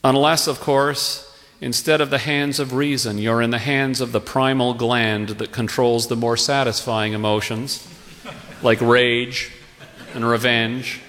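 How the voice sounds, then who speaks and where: A man's voice: medium pitch, steady tone, measured pace, fairly bright tone. A man telling a humorous story on stage with wry, playful emphasis. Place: theatre stage with live audience. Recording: long hall reverb, live stage.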